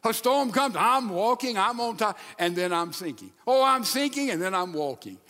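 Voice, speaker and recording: A high-voiced man delivers a sermon in an animated style. He acts out the quoted lines and sometimes drops to a hushed voice. His voice carries a long reverb from a large sanctuary. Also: normal speed, faint music behind. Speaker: pastor. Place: church sanctuary.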